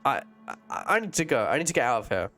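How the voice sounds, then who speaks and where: A man's voice: medium pitch, very animated, fast, pushed and bright, faint music behind. A man voicing a confused, frightened dream figure who stammers out panicky questions. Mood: panicked.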